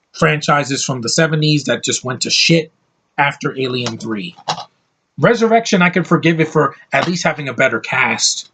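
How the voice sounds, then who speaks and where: Husky man in an angry movie rant. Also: on the high side, fairly bright tone. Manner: heated, profane, blunt ranting. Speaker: online movie reviewer.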